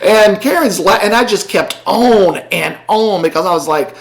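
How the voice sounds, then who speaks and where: Gravelly middle-aged man telling a story. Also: high-pitched, moderate pace. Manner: animated storyteller, acts out quoted voices. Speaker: podcast co-host. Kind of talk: casual storytelling chat.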